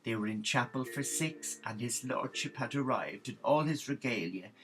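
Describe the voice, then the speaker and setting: A man telling a comic story in a gossipy, animated way. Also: medium pitch, moderate pace, poor audio.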